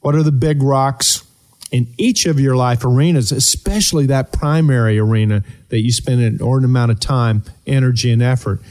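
A man hosting a motivational talk show, coaching listeners earnestly with rhetorical questions and deliberate pauses. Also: medium pitch, a little mellow. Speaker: host and performance coach.

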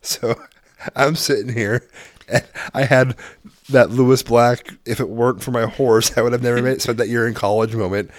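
A man's voice: medium pitch, normal speed, no echo, studio quality. A man in his thirties or forties, a father telling a profane family story on a casual podcast, laughing as he goes. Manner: profane, animated, laughing through anecdotes.

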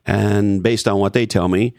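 A man hosting a business discussion, laying out his argument emphatically with deliberate pauses. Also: fairly low pitch, fairly even intonation, gravelly, a little mellow, no echo, clean studio sound. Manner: emphatic, thesis-driven explaining with pauses. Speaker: host. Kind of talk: conversational business talk.

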